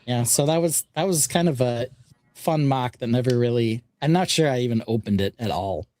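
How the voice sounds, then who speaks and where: A man's voice: medium pitch, normal speed, no room sound. Guy hosting a chill stream, explaining his build, lots of uh's, easygoing. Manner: relaxed, explains his build step by step with frequent "uh"s. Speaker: podcast host. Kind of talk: casual live-stream chat.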